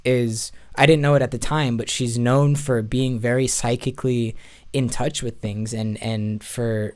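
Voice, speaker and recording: A man telling a long personal story in a podcast chat, rambling with frequent restarts. He plays music for a church. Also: medium pitch. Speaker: podcast guest. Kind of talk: casual storytelling.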